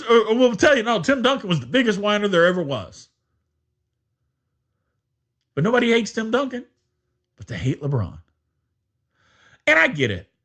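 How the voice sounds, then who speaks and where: A man hosting a casual sports podcast, talking in an animated, exasperated way and laughing often. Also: very high-pitched. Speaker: podcast host.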